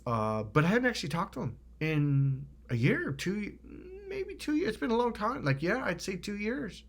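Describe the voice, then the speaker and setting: A middle-aged man from Northern California giving a casual motivational monologue. He swears freely and is animated. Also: high-pitched, moderate pace. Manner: animated, swears freely, acts out other people's lines. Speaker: self-help vlogger.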